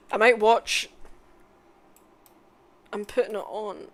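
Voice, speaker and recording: A woman making a casual music tier list, swearing often, mumbling asides and bursting into loud excited outbursts. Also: a little high, a little slow, clear, resonant tone. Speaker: content creator.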